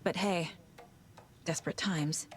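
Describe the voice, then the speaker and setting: Breathy, blunt woman detective. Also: on the low side, fairly even intonation, slow pace. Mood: dry. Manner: dry, matter-of-fact remarks. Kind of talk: video game voice acting.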